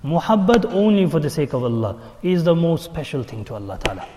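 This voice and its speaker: A man giving a mosque sermon as imam, telling stories with lively voices for the people in them. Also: medium pitch, fast talker, few pauses, long reverb tail. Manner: animated storytelling, acting out quoted voices.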